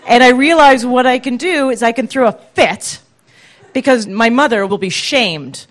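A woman telling a funny personal story live on stage with animated, self-deprecating comic timing, into a stage microphone. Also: a little high, normal speed. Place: live stage before an audience.

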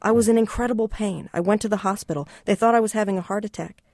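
A reader voicing an anxious, irritable man who complains and talks too loudly. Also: mid-range voice, quick pace, no room sound, clean studio sound, voice pushed up, close to an everyday voice. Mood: agitated. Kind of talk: reading a novel aloud.

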